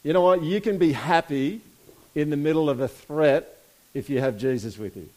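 A man's voice: on the high side, moderate pace, darkish tone. A man preaching a sermon in a casual, conversational way, asking the congregation for responses and reading scripture aloud. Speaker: pastor.

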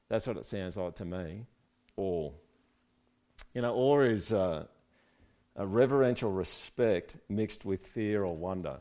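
Chatty man preaching a relaxed sermon. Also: on the low side. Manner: conversational, joking asides, checks in with "right?". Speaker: pastor. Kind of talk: casual sermon.

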